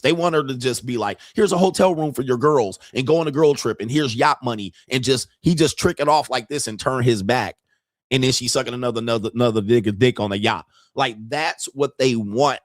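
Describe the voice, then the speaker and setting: A man's voice: medium pitch, no echo, studio quality. A man hosting a livestream, reading chat messages aloud and giving blunt, preachy commentary in a casual, slangy way that repeats itself.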